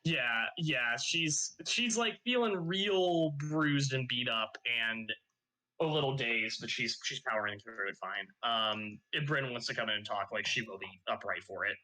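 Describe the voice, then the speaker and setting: A man's voice: mid-range voice, a little slow, bright, forceful tone, rough recording. A man playing a tabletop game, explaining his character in a rambling way and laughing often. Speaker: player. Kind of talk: casual tabletop game chat.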